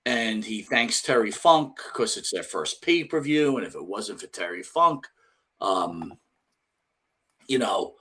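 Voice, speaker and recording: A man's voice: on the low side, expressive, takes it slowly, bright, forceful tone, breathy edge. A man co-hosting a wrestling podcast, talking in a loose, profane, rambling way as he retells scenes. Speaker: podcast co-host. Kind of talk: casual chat.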